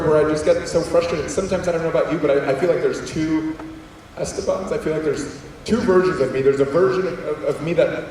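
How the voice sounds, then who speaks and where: A young adult man telling funny stories as a guest speaker in a large school auditorium, animated and acting out quotes in voices. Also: on the high side, a little hiss or hum. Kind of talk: comedic storytelling talk. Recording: echoey hall, distant mic.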